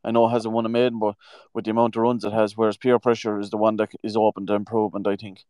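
A man co-hosting a casual horse racing preview, giving his picks in a relaxed, opinionated way. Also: on the low side, racing, clear, resonant tone, dry recording. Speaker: racing tipster co-host.

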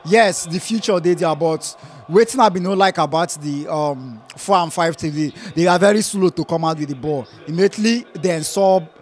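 A young man from Nigeria speaking Nigerian Pidgin English, giving a lively, laughing football match reaction. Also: on the high side, moderate pace. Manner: lively, laughs often, repeats phrases. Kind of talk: casual post-match chat.

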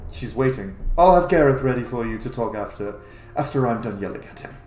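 A man's voice: mid-range voice, expressive, a little fast, lightly acted. A man playing a smirking paladin commander. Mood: amused. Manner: dry teasing, then stern and quiet. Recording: roomy echo.

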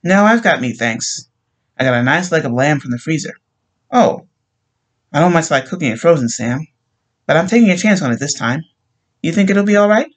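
Sweet young housewife for a read-aloud story, high and chirpy, put on by a male narrator. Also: lively intonation, moderate pace, pauses often. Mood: bright, sweet. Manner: high, sing-song and chirpy.

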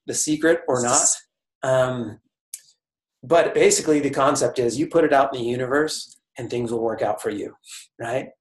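Earnest man telling a story in an echoey room. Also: mid-range voice. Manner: earnest, with restarts and asides to the audience. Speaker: corporate speaker. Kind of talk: motivational storytelling talk. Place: speaking to a team retreat audience in a room.

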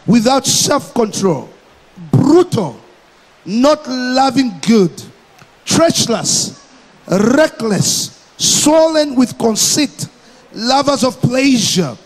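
Slow, high-voiced preacher in echoing hall. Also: male voice, sing-song. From Malawi. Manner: emphatic, repeats phrases, slow deliberate preaching. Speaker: pastor. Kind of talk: sermon.

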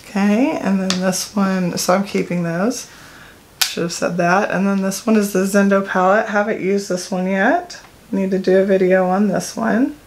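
A woman's voice: mid-range voice, moderate pace, slight background noise. Chatty woman reviewing makeup. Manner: chatty, rambling, with fillers and self-corrections. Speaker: beauty vlogger. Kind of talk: casual product talk to camera.

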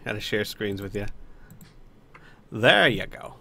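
A man's voice: fairly low pitch, lively intonation, unhurried, gravelly, bright, forceful tone, a little hiss or hum. A young man hosting a let's play, giving casual, playful commentary with exclamations and self-mocking jokes.

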